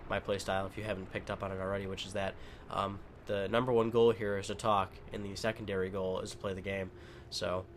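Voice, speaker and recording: A man doing casual gameplay commentary at home, rambling with many fillers and swearing freely as he tells a story. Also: on the low side. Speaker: gaming commentator.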